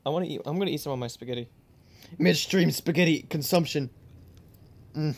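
A man's voice: fairly high pitch, fairly quick. A young man playing a game on stream and joking with a friend, laughing often and swearing. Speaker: gamer streaming a playthrough. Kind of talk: casual gaming banter.

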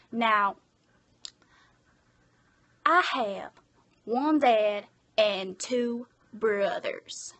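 A woman's voice: medium pitch, bright, forceful tone. A woman doing a sassy Boston-accented hero girl. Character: confiding young Boston superhero girl.

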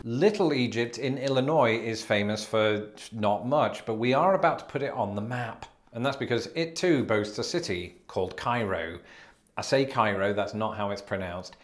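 British male host, lowish voice, dry self-mocking humor for a scripted explainer. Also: animated. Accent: British English. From Britain. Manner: wry, self-deprecating, brisk asides. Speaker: YouTube host. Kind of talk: scripted comedic explainer to camera.

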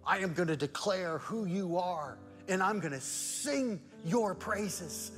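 A man preaching a sermon as pastor, moving between loud emphatic rhetorical questions and soft, hushed prayer. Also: sits high, expressive, slow pace, hardly any pauses, big-room sound, soft background music. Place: church sanctuary.

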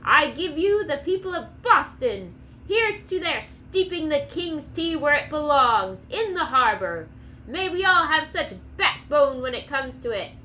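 A woman reading a story, voicing a rough, brawling male frontiersman who barks and growls his lines. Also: high-pitched, very animated, measured pace, pushed and bright, a little hiss or hum, exaggerated voice. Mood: defiant. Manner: barking, growling.

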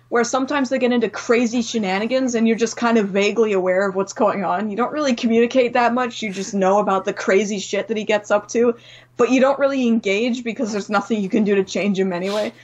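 A woman's voice: fairly high pitch, brisk. Candid young Canadian woman, dull audio. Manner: candid, swears freely, tells stories with voiced quotes. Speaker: podcast guest. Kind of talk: casual chat.

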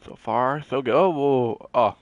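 A young man giving animated gameplay commentary, talking to the characters on screen as he plays. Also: mid-range voice, measured pace, creaky, no echo, dull audio. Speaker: gaming channel host.

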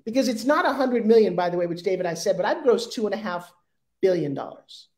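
A woman in her sixties speaking as an interview guest, animated and acting out sales pitches in quoted voices. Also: fast. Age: 60s. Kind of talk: energetic interview talk.

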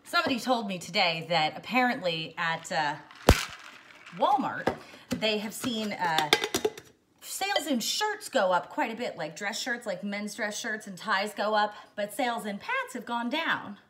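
A woman's voice: medium pitch, very animated, measured pace, heavy background noise. A woman hosting a casual cocktail how-to, chatty and jokey, wandering into playful asides as she mixes. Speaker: home bartender host.

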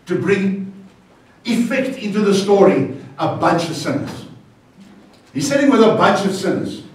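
A South African pastor preaching a lively, playful sermon and bantering with his congregation. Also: high-pitched. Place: church hall. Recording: very echoey church hall, far from the mic.

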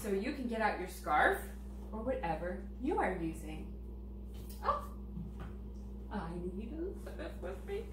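A woman children's librarian leading a baby storytime, reading aloud and singing nursery songs in a gentle, playful way. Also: medium pitch, sing-song, measured pace, long pauses, echoey room, noisy background. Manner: sing-song, gentle and playful, talking to toddlers.

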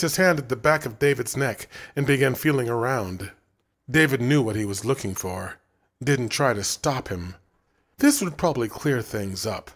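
A man narrating a story as an audiobook reader, with a dramatic, expressive delivery. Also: medium pitch, moderate pace.

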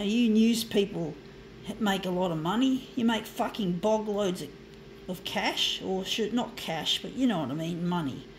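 A woman's voice: on the high side, a little hiss or hum, rough recording. An Australian woman in her fifties talks in a rambling monologue, often stumbling, correcting herself and swearing. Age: 50s. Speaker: artist. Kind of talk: rambling monologue to camera while designing a graphic.

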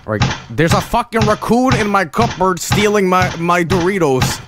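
A man's voice: sits high, animated, moderate pace, few pauses, a bit bright, a little hiss or hum. A man doing profane, mocking let's play commentary on bad games, laughing often. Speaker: streamer.

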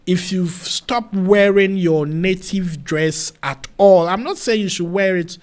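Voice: medium pitch, takes it slowly. Playful interviewer. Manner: playful, teasing, lively, mixes in pidgin. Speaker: host, interviewer. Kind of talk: casual street interview.

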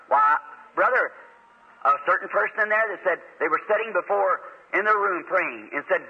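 A man's voice: high-pitched, slightly rough, highs cut off. A man preaching a sermon at a church meeting in an earnest, folksy way that rises to emphatic fervor, on an old tape recording. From United States.

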